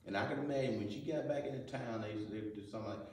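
A man teaches a Sunday school lesson in a church sanctuary, preaching in a folksy style steeped in Southern Black church vernacular and putting rhetorical questions to the class. His voice is medium-pitched, quick and slightly mellow, and the distant mic picks up the echo of the church hall.

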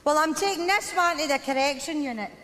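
A woman's voice: high-pitched, a little fast, fairly bright tone. A woman with a Scottish accent playing a wry, weary wife and mother in a live stage comedy. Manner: wry and chatty. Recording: noisy theatre recording.

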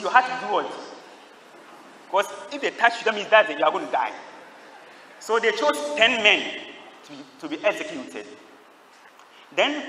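A man's voice: high voice, sharp tone, a little hiss or hum. A man preaching a sermon to a large crowd, questioning them and drawing answers back in call-and-response. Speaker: priest. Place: large church. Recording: echoey hall, distant mic.

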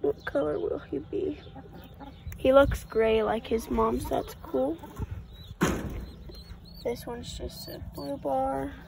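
A woman's voice: high-pitched, steady tone, takes it slowly, creaky, pauses often. A woman filming a casual farm vlog outdoors on a phone, chatting and talking to her animals while she works. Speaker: farm vlogger. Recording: loud outdoor farm noise. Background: chickens, ducks and farm animal noises.

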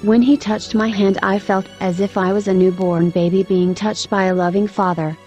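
A woman's voice: medium pitch, steady tone, normal speed, a little mellow, faint music behind. Earnest woman narrating a testimony. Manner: earnest, emotional storytelling. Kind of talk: scripted narration.

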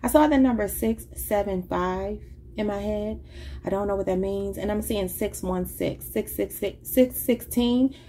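A woman gives a casual tarot reading, rambling and thinking out loud in an informal, chatty way and saying "y'all." Her voice is medium-pitched, unhurried and dark-toned, with slight background noise.

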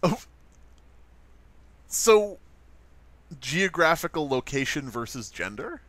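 Lively joking man in casual chat. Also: on the high side, slow pace, dry recording. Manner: joking, lively, laughs often. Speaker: co-host.

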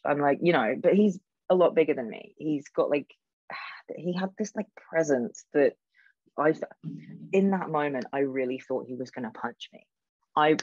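A woman tells a long story in a loose, chatty way, peppering it with fillers and the odd swear word. Her voice is a little husky, and it comes over a dull, lo-fi video call line. The sound is dry and close, with no room around it. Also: sits low, darkish tone, no room sound. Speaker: guest speaker. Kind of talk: casual storytelling talk.

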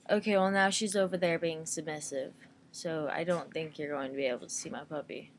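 A woman's voice: on the low side, steady tone, a little fast, a little hiss or hum. A young woman making a casual webcam vlog at home by her computer, playful and silly, coaxing her dog over. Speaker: vlogger.

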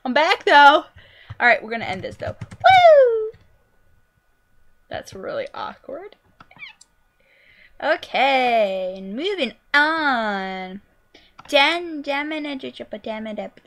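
A young woman talks through a game in a high, bright voice with slow, drawn-out phrasing. She is goofy and excitable, yelping and squealing at what happens on screen. Her pitch swings widely from line to line. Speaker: gameplay commentator. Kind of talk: let's play commentary.

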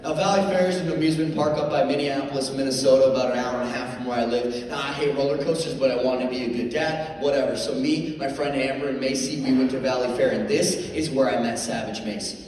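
A middle-aged man, a motivational speaker, telling a comic story to an audience in an animated, jokey way, full of "like" fillers. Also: medium pitch, fast, hardly any pauses. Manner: animated, jokey, many "like" fillers, lively voices for quotes. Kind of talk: comedic storytelling talk to an audience. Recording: echoey hall, mic heard from far off, faint ambience.

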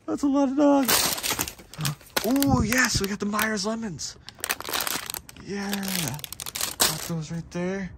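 A man vlogging as he sorts through a dumpster, talking casually to the camera in an excited voice that often drops to a half-whisper. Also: high voice, slow pace, creaky, long pauses. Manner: animated, exclaiming often, breaks into laughs. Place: outdoors at a store dumpster. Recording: loud background noise and clattering.

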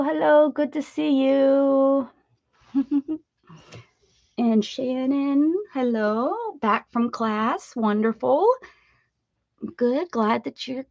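A woman's voice: fairly high pitch, creaky, dry recording, lo-fi sound. A woman hosting an art livestream, chatting playfully with viewers, laughing often and singing a short welcome jingle. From United States. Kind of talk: casual chat greeting viewers.

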